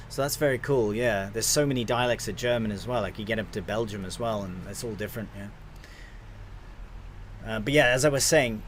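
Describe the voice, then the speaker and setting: A man's voice: fairly low pitch, fairly bright tone, a little hiss or hum. A young man casually commentating his gameplay on a live stream, chatting to viewers and swearing now and then.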